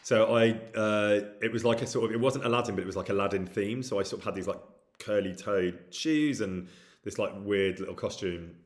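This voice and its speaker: On a casual live stream, a man with a low voice reads out questions from chat and answers at length. His replies wander and are packed with hesitant fillers, delivered fairly quickly.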